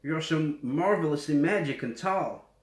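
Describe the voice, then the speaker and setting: Yorkshire man putting on high pleading kids' voices, storybook, echoey room. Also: a little slow, natural voice. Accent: West Yorkshire. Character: pleading group of young children. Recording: roomy echo.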